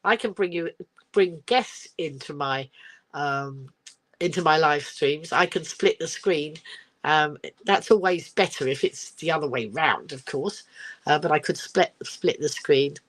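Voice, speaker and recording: A woman's voice: low voice, a little slow. An older woman from England chatting casually on a live stream from her phone, rambling and giggly, reading out viewer comments. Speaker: livestream host. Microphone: phone camera.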